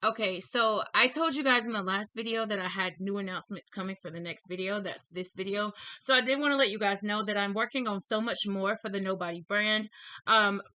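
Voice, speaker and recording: A woman's voice: mid-range voice, fairly quick, bright, forceful tone, no echo. A woman with a lisp hosting a spiritual reading channel, bubbly and effusive, a bit tongue-tied as she chats through announcements. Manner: bubbly, effusive, repeats herself. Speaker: tarot reader and channel host. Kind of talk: chatty intro to a reading video.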